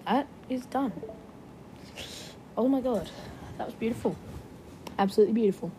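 A young woman hosting a gaming podcast, giving gushing commentary and repeating her excited exclamations. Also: on the high side, moderate pace, a little hiss or hum. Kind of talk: game commentary.

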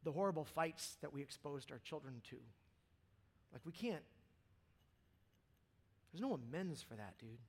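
A man preaching a casual, impassioned sermon to a church audience, dropping to near-whispers and then rising to loud, fervent peaks. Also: mid-range voice, expressive, normal speed, long pauses, breathy edge. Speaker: pastor.

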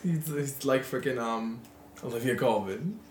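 A man's voice: mid-range voice, unhurried, echoey room. A man chatting and joking while playing a video game. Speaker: game player. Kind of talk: casual chat over a game.

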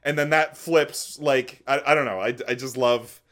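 A man's voice: mid-range voice, normal speed, fairly bright tone. A man co-hosting a casual movie podcast, eagerly chiming in with enthusiastic comments. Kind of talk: casual movie-discussion chat.

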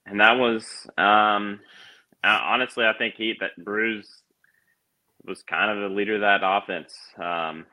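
Deep guy talking football on a muffled lo-fi line, lots of restarts. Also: steady tone, a little slow. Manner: thoughtful, hesitant with frequent restarts. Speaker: podcast guest. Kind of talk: casual sports chat. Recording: dull lo-fi audio.

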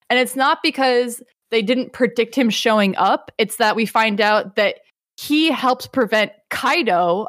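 A woman recapping an anime in casual podcast chat, rambling and animated with lots of fillers. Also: fairly high pitch, no room sound, studio quality. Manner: rambling, animated, many fillers, laughs easily.

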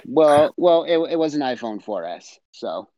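A man guest on a casual podcast, telling an anecdote in a deadpan way. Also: on the high side, measured pace, no room sound, lo-fi sound. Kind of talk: casual storytelling.

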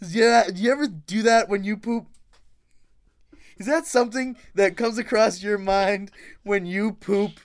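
A young man riffs through crude bits on a casual comedy podcast, rambling from one joke to the next. His voice sits a little high and comes across smooth and clean. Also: a little slow. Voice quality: crude, rambling jokey delivery. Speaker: podcast co-host.

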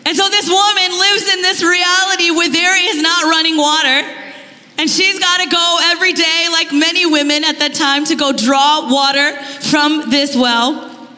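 A woman's voice: very high-pitched, moderate pace. Woman preaching in a big echoing hall. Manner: animated storytelling, rising emphatic questions. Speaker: conference speaker. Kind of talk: sermon. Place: conference hall. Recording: long hall reverb.

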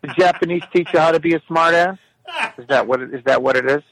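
A man's voice: fairly high pitch, quick pace, crowd noise, lightly acted, low-quality recording. A man voicing his cranky 88-year-old mother, who is contrary and nagging and makes accusing non sequiturs.

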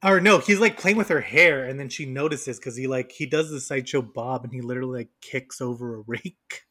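A man's voice: mid-range voice, brisk, bright, forceful tone. A man co-hosting a podcast, casually and animatedly retelling movie scenes and laughing as he goes. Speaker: podcast co-host. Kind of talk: casual chat.

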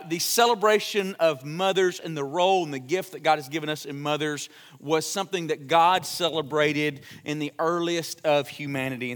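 A young pastor preaches in a church sanctuary as a chatty, joking storyteller. His voice is high and bright. The long reverb of the hall trails after every phrase. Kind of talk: sermon.

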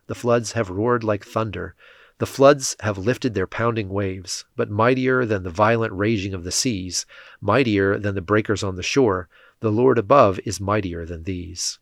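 A man reading scripture aloud as scripted narration, in a steady, measured way. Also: fairly low pitch, creaky, dry recording, clean studio sound. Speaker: scripture reader.

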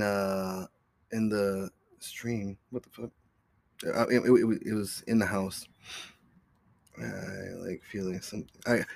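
A man's voice: fairly low pitch, no room sound. A man hosting his own podcast, telling a story in a rambling, profane, casual way. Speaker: podcast host.

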